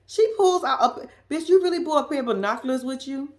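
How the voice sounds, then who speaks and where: A woman's voice: high-pitched, lively intonation, brisk, few pauses. A woman with a Southern US accent giving a blunt, sassy, laughing casual commentary as a vlogger. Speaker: reality TV recap vlogger.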